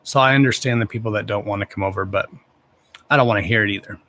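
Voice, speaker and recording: Quick-paced and fairly bright, a man's lowish voice comes through as he hosts an informal livestream. He talks bluntly to the viewers, swearing heavily, and gushes over them in an affectionate way.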